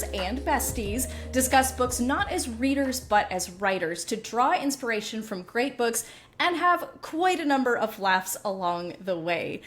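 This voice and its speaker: A woman co-hosting a podcast as a book coach, talking in a bubbly, animated, teasing way. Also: high voice. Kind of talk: casual chat.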